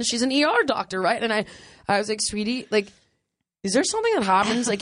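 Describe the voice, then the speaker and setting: A woman host telling a funny travel story in casual chat, animated and laughing often, acting out other people's lines. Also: medium pitch, no room sound, studio quality.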